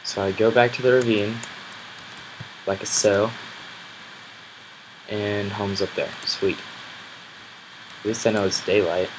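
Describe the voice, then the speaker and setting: A man with a lowish voice and an unhurried, drawn-out delivery talks through his game session. He grumbles along and breaks into loud outbursts at enemies. A steady hiss of background noise sits under the recording. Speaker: gameplay commentator. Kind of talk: casual let's-play commentary.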